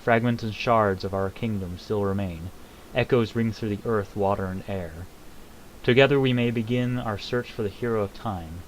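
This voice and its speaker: A serene goddess, read by a man in his own low voice, offers solemn comfort at the end of a game's lore tale. The delivery is calm and unhurried, with a quiet noise floor behind it. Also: close to an everyday voice, rough recording. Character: watchful female goddess consoling a fallen hero.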